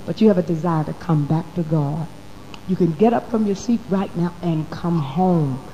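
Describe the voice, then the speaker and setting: Woman, preacher, sermon in church, hushed to loud swings, calls listeners baby and honey, faint hum, old recording. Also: lowish voice, long reverb tail, rough recording.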